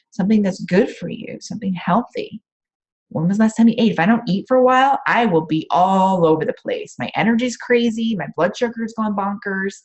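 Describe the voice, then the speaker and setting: A woman's voice: fairly low pitch, husky. A woman coach giving casual, rambling advice on a group call from her home office, with frequent "um" fillers. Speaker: empath coach.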